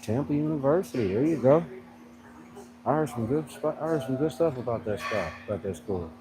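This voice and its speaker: A man's voice: mid-range voice, lively intonation, brisk. A man vlogging at a gym in casual chat, rambling and laughing as he tells a story. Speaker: fitness vlogger. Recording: noisy background.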